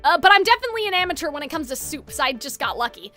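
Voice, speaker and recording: A woman voicing a soft-spoken, modest young baker. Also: very animated, rapid-fire, faint music behind, heavily acted. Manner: gentle, modest, lowered and soft. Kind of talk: voicing game dialogue aloud.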